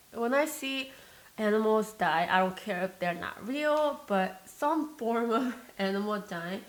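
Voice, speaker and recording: A woman's voice: medium pitch, rough recording. Rambling young woman vlogger. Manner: rambling, emotional, many fillers and restarts. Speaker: mukbang vlogger. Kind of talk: casual chat while eating. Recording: staticky mic noise.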